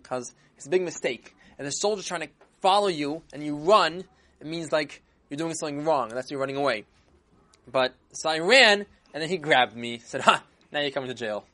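A storyteller retelling a children's story in a lively, animated way, with frequent restarts. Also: medium pitch, normal speed.

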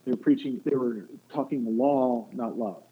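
A man's voice: mid-range voice, normal speed. A man in a casual faith discussion, talking in long rambling runs and acting out quotes. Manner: rambling, restarts often, acts out quotes. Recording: muffled phone-like line with faint noise.

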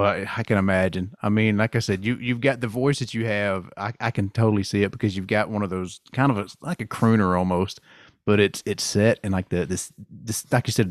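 A man from Georgia with a Southern accent and a rough voice, hosting a podcast interview in a chatty way and laughing often. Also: fairly low pitch, dry recording, studio quality. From Georgia, USA. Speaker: podcast host.

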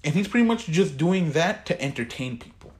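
A man's voice: fairly high pitch, animated, fairly quick. A teenage boy co-hosting a podcast, chatting casually, swearing a lot and getting worked up as he rambles. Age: teens. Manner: profane, rambling, gets worked up. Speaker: podcast co-host. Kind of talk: casual chat.

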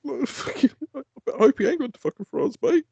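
A man telling casual, animated stories on a podcast, swearing and laughing often. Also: very high voice, fast, vocal fry, breathy edge, no echo, highs cut off. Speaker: podcast co-host. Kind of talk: casual chat.

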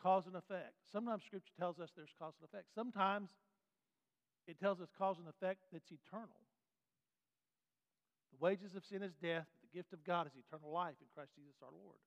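A man teaching a Bible class in a folksy, animated way, putting questions to the class. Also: sits high, a little fast, creaky. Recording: dull sound with long hall reverb.

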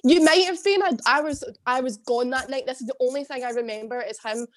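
A woman's voice: high-pitched, fairly quick. A young Scottish woman, a former drama student, in a rambling casual chat, laughing often and swearing. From Scotland. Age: young adult.

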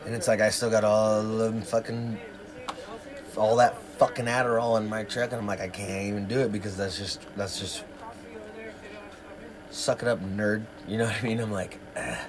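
A man's voice: fairly low pitch, level tone, moderate pace, crowd noise. A man chatting casually on a livestream, telling long profane stories. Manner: profane, rambling storyteller. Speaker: livestream co-host. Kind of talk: casual chat.

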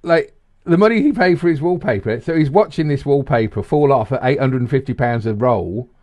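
A man chatting casually as co-host, telling stories with lively energy. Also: fairly quick. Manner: animated storyteller, jumps into high mimicking voices. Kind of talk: casual chat.

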